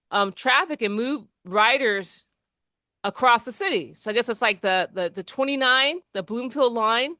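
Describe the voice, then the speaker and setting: A woman's voice: fairly high pitch, pushed and bright, no echo, studio quality. A woman co-hosting a podcast, rambling in casual chat with lots of restarts and fillers. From New Jersey. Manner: rambling, many restarts and fillers, laughs often. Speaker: podcast co-host.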